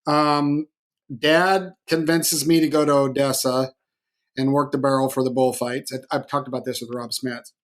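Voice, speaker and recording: A middle-aged man hosting a podcast interview, telling stories in a rambling, animated way full of restarts. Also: mid-range voice, moderate pace. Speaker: podcast host. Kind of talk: conversational interview.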